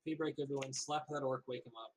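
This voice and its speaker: A man's voice: mid-range voice, fairly even intonation, fast talker, poor audio. A man playing a tabletop game over a voice call, joking and thinking aloud about tactics.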